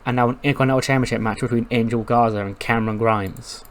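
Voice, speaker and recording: A man giving casual, animated commentary on a wrestling sim game, swearing now and then. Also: mid-range voice, fast, a little hiss or hum. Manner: animated, profane. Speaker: gaming commentator. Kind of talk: casual let's-play commentary.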